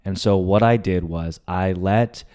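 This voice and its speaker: A young adult man hosting a podcast, telling a candid story, animated, swearing often and acting out the lines of the people in it. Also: low-pitched, a little slow, clear, resonant tone. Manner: animated, swears often, acts out his own and others' lines. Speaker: podcast host.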